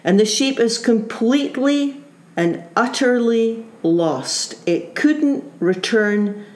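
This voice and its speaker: A woman's voice: a little high, lively intonation, takes it slowly, darkish tone. A woman voicing a patient male teacher who earnestly questions his critics, as part of a sermon. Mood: challenging. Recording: roomy echo.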